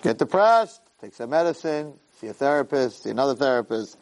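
A man teaching a Torah lesson in an animated way, acting out quotes and repeating words for emphasis. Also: mid-range voice, a little fast. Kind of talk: Torah lecture.

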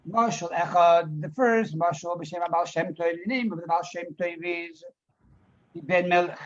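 A man's voice: high-pitched, steady tone, unhurried. Male rabbi teacher, storytelling class, translates line by line, muffled lo-fi sound. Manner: reads Hebrew phrases, then translates and elaborates; storytelling, repeats words for emphasis. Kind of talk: Torah class on a Hasidic discourse. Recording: dull lo-fi recording.

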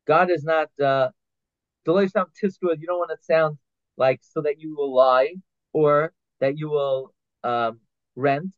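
A man's voice: on the high side, steady tone, measured pace, dry recording. Man teaching Talmud law on a tinny line. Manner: reads Hebrew phrases then explains them in English, with restarts and fillers. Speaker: Torah teacher. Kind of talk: halacha class, translating Hebrew text line by line. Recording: tinny phone-like line, dry.

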